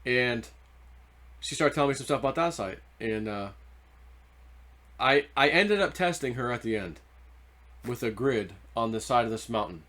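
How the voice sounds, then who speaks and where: A man's voice: medium pitch, lively intonation, moderate pace, pauses often, a bit bright. A man hosting his own video channel, telling a long story in a rambling, loose way full of "like" and "you know". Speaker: treasure-hunting video host. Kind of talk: casual storytelling monologue.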